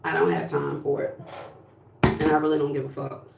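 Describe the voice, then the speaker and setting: A woman's voice: a bass voice, big pitch swings, normal speed, vocal fry, far from the mic, noisy background. A woman from New Jersey chatting casually on a livestream, sassy and blunt with plenty of swearing. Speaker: livestream host. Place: home room, indoors. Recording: echoey room, voice from off-mic.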